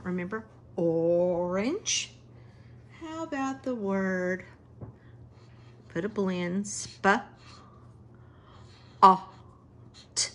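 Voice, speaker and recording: Lady teacher doing a phonics lesson for kids, slow, sounds out every letter, some fry in her voice. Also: on the low side, a little hiss or hum.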